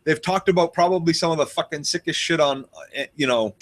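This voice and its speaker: A man's voice: fairly high pitch, fast, a bit bright. A man co-hosting a casual recap chat who jokes and swears freely. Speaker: podcast co-host.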